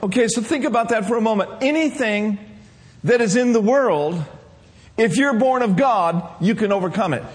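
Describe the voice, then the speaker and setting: Man preaching to a church crowd, high voice, repeats lines for people to say back. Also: animated, moderate pace. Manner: call-and-response preaching, repeats phrases. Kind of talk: sermon.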